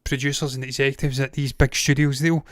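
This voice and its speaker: This time the Glaswegian movie-news host, a Scot, speaks in a mid-range voice with flat delivery, a little fast, on a dry, studio-quality recording. He still rants casually and gives his opinions, swearing bluntly and digressing often.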